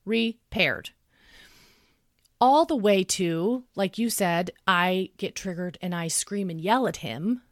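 A woman's voice: fairly low pitch, lively intonation, measured pace, hardly any pauses, no room sound. Earnest woman explaining parenting, dry close sound. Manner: earnest, explanatory, acts out what she would say to her son. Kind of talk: conversational podcast talk.

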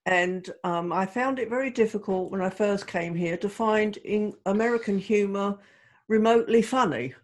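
A woman's voice: mid-range voice, normal speed, a little mellow. An older woman from Ireland with an English accent, a podcast guest telling stories in casual chat. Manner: chatty storyteller, British expressions.

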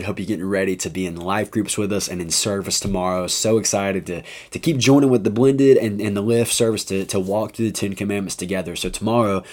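A man who is a high school youth pastor, talking through a Bible chapter in an upbeat, chatty podcast style full of asides. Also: darkish tone. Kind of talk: casual devotional podcast talk.

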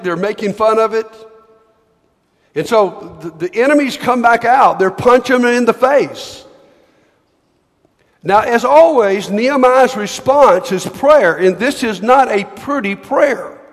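A man preaching a sermon in a church, talking conversationally with repeated words and reading scripture slowly. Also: high-pitched. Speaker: pastor. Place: church hall. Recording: long hall reverb.

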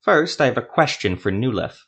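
A man voicing a gruff male gnome rebel who speaks accusingly. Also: mid-range voice, big pitch swings, fairly quick, fairly bright tone, heavily acted.

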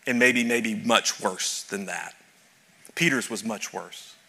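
Speaking slowly, a pastor addresses his congregation directly as he tells a story in his sermon, rising to fervent emphasis. His voice is fairly low, pushed and bright.

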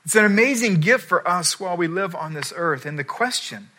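Male pastor, middle-aged, bright forceful tone, slightly high voice, animated sermon delivery. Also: a little fast. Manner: animated storytelling, acts out quoted voices.

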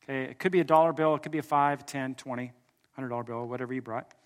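A man preaching a sermon as pastor, telling a story, swinging from loud emphatic lines to soft hushed ones and joking with his congregation. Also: medium pitch, steady tone, fast. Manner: jokes with the congregation.

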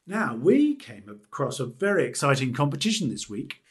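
A man's voice: mid-range voice, huge pitch swings, normal speed. A man co-hosting a podcast, speaking hesitantly with many fillers. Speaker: podcast co-host. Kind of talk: podcast chat.

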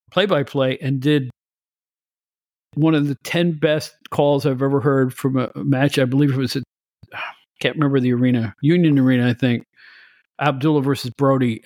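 A man chatting on a podcast as a guest, telling stories in an animated, opinionated way with frequent restarts. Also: medium pitch, no echo, clean studio sound. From United States. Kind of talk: casual chat.

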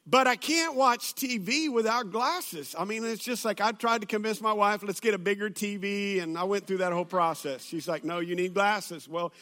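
Bright high-voiced pastor preaching. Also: male voice, normal speed, few pauses. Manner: storytelling with humor, many fillers and restarts. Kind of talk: sermon. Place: church auditorium with audience.

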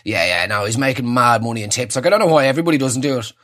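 A man's voice: mid-range voice, very fast, a bit bright, pitched below the performer's own voice, lightly acted. A man voicing a smug young Irishman living in New York, drawling and slangy.

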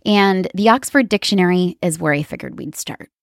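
A woman's voice: fairly low pitch, moderate pace, creaky, dry recording, studio quality. A woman therapist hosting an educational podcast, explaining earnestly and speaking straight to her listeners.

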